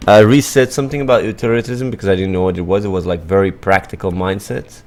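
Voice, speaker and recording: Rambling, blunt man with a low voice. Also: steady tone, fast talker, a little mellow. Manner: rambling, repetitive, lots of filler and restarts; blunt, swears casually. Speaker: livestream host. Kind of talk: casual livestream monologue.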